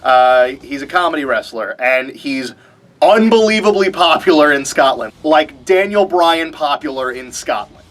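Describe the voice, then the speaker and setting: A man's voice: fairly high pitch, animated, unhurried, a bit bright. A young man hosting a wrestling vlog, chatting casually with a wry, mock-reluctant tone. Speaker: wrestling show host.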